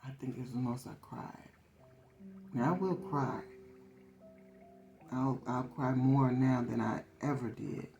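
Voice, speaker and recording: A woman's voice: rumbling low, slow, gravelly, pauses often, muffled recording. A woman reading tarot in a casual, conversational way, repeating phrases for emphasis. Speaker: tarot reader. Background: soft guitar music.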